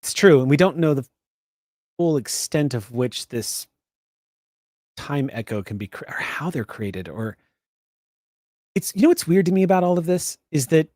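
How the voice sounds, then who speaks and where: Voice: mid-range voice, big pitch swings, moderate pace, long pauses, a little mellow, no room sound, clean studio sound. A game master running a tabletop game, musing aloud with many questions and small laughs.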